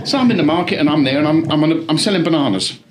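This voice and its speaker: A middle-aged man with a London accent, co-hosting a casual football chat and telling animated stories full of swearing. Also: a little high, racing, a little hiss or hum. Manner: animated storyteller, swears freely. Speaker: podcast co-host.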